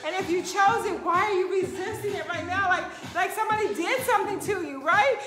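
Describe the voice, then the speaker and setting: A woman fitness coach giving an energetic motivational pep talk to her live viewers, preachy and repeating "right?" again and again, with music playing behind her. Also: very high-pitched, a little fast.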